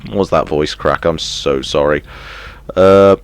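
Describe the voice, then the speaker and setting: A man playing a video game and commenting as he goes, muttering to himself, then bursting into yelps and shouts of excitement. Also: a bass voice, a little slow, very noisy. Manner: excitable, self-mocking, sudden yelps and mutters. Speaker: gaming streamer. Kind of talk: let's play commentary.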